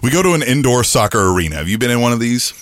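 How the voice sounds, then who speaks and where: Animated middle-aged man, booming voice. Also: very fast, no room sound, studio quality. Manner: animated, acts out quoted lines in a raised pitch. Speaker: podcast co-host. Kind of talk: casual storytelling chat.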